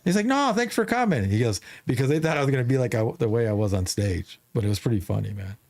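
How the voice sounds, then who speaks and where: A man's voice: on the low side, very fast, warm tone. A man hosting a podcast, telling a long story in casual chat with many restarts. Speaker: podcast host.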